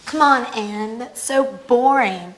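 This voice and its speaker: An actress playing a lively young woman visiting London in a scripted learner drama, speaking eagerly and teasingly. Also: a little high, slow, slight background noise, rough recording.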